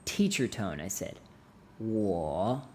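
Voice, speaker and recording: Brief: young man, mid-pitched, comic language teacher, playful and exaggerated. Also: moderate pace, very noisy. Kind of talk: jokey video lesson.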